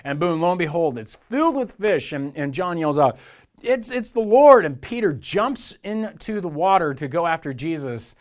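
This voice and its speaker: A man's voice: a little high, expressive, moderate pace, few pauses. A man preaching a sermon in a church in a conversational way, acting out the voices in the stories he tells. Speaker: pastor.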